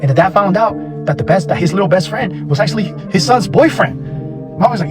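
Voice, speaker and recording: A young man telling a story casually, animated, slangy and profane. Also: high voice, normal speed, over loud music.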